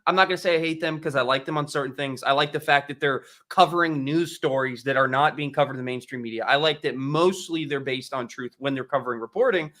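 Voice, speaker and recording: A man hosting a casual podcast conversation, agreeable and quick to chime in with short affirmations. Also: mid-range voice, bright, forceful tone. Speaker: podcast host.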